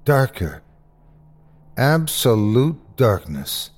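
A man's voice: mid-range voice, big pitch swings, very slow, a little mellow. Man narrating a horror story. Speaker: host and narrator.

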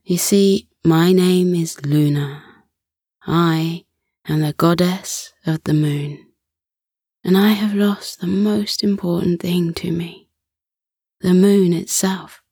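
A woman voicing a gentle, sorrowful female moon goddess in a husky, deep, soft voice, as whispered role-play. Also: fairly even intonation, takes it slowly, no echo, clean studio sound, exaggerated voice.

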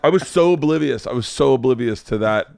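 A man's voice: medium pitch, lively intonation, fairly quick, creaky, darkish tone, no echo, studio quality. Laughing, profane storytelling man. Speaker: podcast host and comedian. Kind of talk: casual storytelling chat.

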